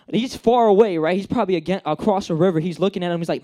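A man's voice: high-pitched, fast, few pauses, dark tone. A young man giving a casual, joking sermon, acting out the characters he talks about. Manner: chatty, joking, acts out characters. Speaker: preacher.

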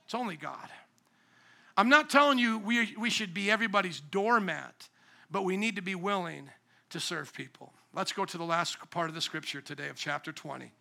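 A preacher in his forties delivering a sermon in a high, very bright, ringing voice. He drops to a near-hush, then builds to loud, emphatic peaks and acts out other people's voices as he goes. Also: normal speed, creaky. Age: 40s. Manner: swings from hushed intimacy to loud, shouting emphasis. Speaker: pastor.

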